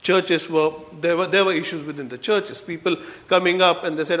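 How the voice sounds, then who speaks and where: A man preaching a sermon in a church, earnest, moving between soft low passages and loud emphatic ones. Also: fairly even intonation, a little fast. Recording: long reverb in a hall.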